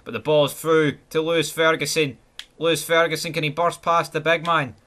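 A man with a Scottish accent giving live, foul-mouthed gameplay commentary, swinging between excited yelling and glum muttering. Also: fairly high pitch, normal speed. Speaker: gaming channel host.

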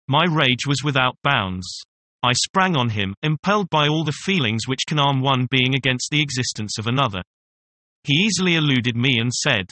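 A classic novel is narrated aloud by a man, an audiobook narrator performing scripted first-person text. The delivery is measured and even in storytelling style, his voice mid-range, the recording free of room sound.

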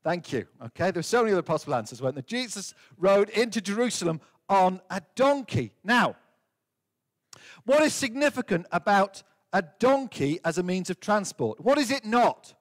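Playful priest quizzing children. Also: male voice, sits high, very animated, moderate pace. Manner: playful, asks the children questions. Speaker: priest leading a family service. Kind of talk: children's talk in church. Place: church.

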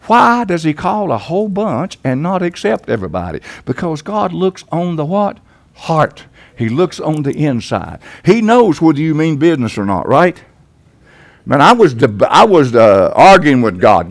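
The older Southern pastor from Tennessee delivers his sermon in a church sanctuary at a moderate pace, very animated and fairly high in pitch. He's folksy and emphatic, with sudden surges in volume.

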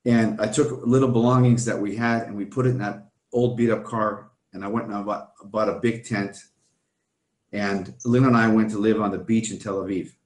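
A man's voice: on the low side, fairly even intonation, normal speed, echoey room. A man earnestly telling his personal testimony as an interview guest, often turning to the host by name.

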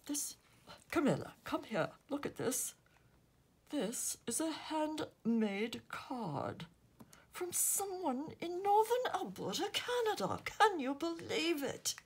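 A woman's voice: high voice, big pitch swings, voice pushed up, heavily acted. A woman putting on a gushing elderly king. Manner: slow, exclaiming, admiring. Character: delighted elderly male king, grand and gushing.

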